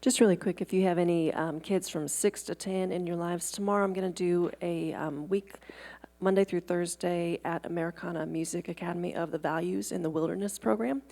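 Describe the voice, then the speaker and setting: Low, gravelly woman with a quick announcement. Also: fairly even intonation, mellow. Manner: brief, hesitant with fillers. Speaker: children's program teacher.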